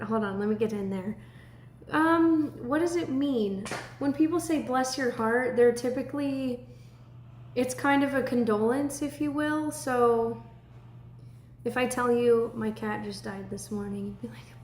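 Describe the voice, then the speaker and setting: Young woman in her twenties hosting a chatty stream, unhurried delivery, slightly high voice, echoey room. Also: slight background noise. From Texas. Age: 20s. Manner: chatty, laughs often, breaks into excited shouts. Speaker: livestream host. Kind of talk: casual livestream chat.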